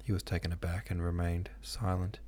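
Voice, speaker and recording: Deep husky male audiobook narrator. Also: level tone, brisk, a little mellow. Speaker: podcast host and audiobook reader. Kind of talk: scripted narration of a classic novel.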